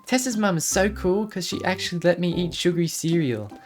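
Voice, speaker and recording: A woman voicing a cheeky, excitable little girl in a video game playthrough, squealing and chattering with high excitement. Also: a little fast, music in the background, lightly acted. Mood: chatty.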